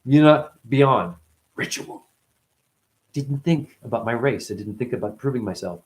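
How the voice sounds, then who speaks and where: Animated, swearing man rambling freely. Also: medium pitch, unhurried. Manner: profane, playful, acts out voices of others. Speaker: spiritual teacher. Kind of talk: rambling spoken monologue.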